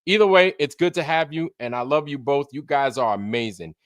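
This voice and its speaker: Loose and profane, this Brooklyn, New York livestream host greets his viewers casually and slips into put-on voices now and then. The mid-range voice moves briskly, recorded in clean studio sound with no echo.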